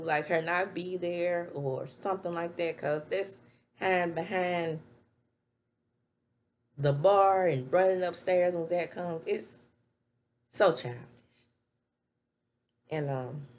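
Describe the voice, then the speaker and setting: A woman recapping a TV show in casual, animated chat from a home webcam setup. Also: lowish voice, slow pace, pauses often. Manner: chatty, animated, laughs while retelling scenes. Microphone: webcam setup with ring light.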